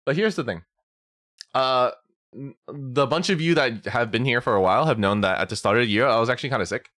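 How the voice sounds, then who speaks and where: A man's voice: medium pitch, brisk, fairly bright tone, no room sound, studio quality. A young man chatting casually on a stream, telling a story with swearing, laughter and many restarts. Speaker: VTuber streamer.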